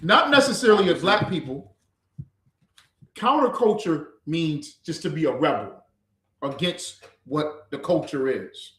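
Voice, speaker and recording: Emphatic preaching man, lively pitch. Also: a little slow, roomy sound. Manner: emphatic preaching with rhetorical questions. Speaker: scripture class teacher. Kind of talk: livestreamed scripture lesson.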